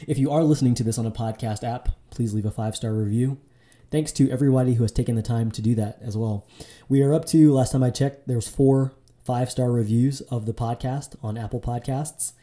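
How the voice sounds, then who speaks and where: A man's voice: medium pitch, fairly even intonation, brisk, warm tone. A man hosting his own podcast, talking solo in a casual, loose way, with fillers and restarts. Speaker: podcast host.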